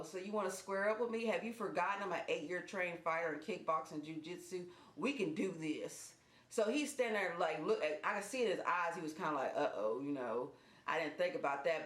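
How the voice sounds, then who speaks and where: A woman telling a personal story in casual vlog style, animated and speeding up in quick bursts. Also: lowish voice. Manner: animated, fast bursts when retelling action. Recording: echoey room.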